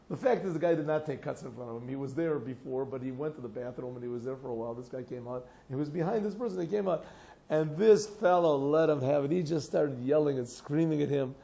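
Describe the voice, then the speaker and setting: A man teaches a class in a low, gravelly, mellow voice, set a little high for a man. He tells stories with lively acted-out voices and chuckles, then slows down to translate a text phrase by phrase. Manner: animated storytelling, acts out quoted voices, laughs often; translates phrases slowly word by word.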